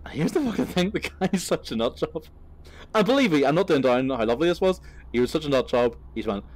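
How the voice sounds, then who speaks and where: A man's voice: on the high side, sing-song, fast talker. A young man telling a crude, rambling anecdote while he drives, swearing freely and breaking off to laugh, recorded in his car. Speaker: vlogger.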